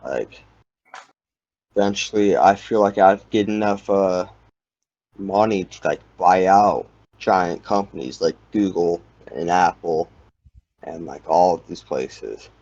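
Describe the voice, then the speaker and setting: Young guy, low register, rambling casual talker, dull dry recording. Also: slow, a little mellow, no echo. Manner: rambling, heavy use of "like". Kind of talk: casual chat. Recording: dull lo-fi sound.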